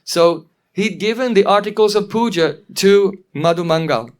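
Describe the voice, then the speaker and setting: A man with a fairly high voice leads a storytelling lesson. He retells a drama and stops to explain terms, chuckling along the way. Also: moderate pace. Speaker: teacher.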